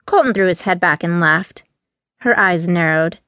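A woman's voice: on the low side, normal speed, a bit bright, no room sound. Woman narrating a novel, dry close sound. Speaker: audiobook narrator. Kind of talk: scripted narration.

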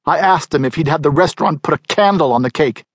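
A man's voice: on the high side, fast, husky, dry recording, clean studio sound. A man voicing a bitter, wry middle-aged wife telling of her husband's betrayal in a storybook reading.

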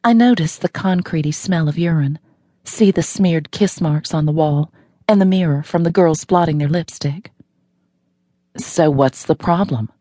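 A woman's voice: low voice, normal speed, dark tone, no room sound. A woman narrating a novel in the first person, wry and matter-of-fact, recorded in a studio. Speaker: audiobook narrator.

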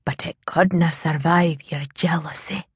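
A woman's voice: steady tone, slightly rough, dry recording, studio quality, exaggerated voice. A woman narrator voicing a grave, reproachful Scottish man, cousin to a dying laird, in an audiobook. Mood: somber. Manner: low, measured, reproachful. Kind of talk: audiobook character voice.

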